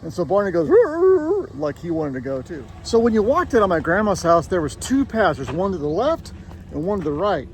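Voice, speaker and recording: A man spins an improvised bedtime story for a child, his voice sitting fairly high. He is playful and animated, sometimes lowering to a hush for suspense. A faint hiss sits under the recording. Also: a little fast. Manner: playful and animated, with spooky hushed moments.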